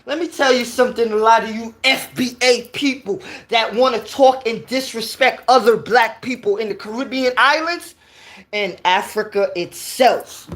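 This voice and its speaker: A woman's voice: fairly high pitch, normal speed, a bit bright. A woman from New York with a New York accent, giving a heated, preachy opinion rant and repeating her points.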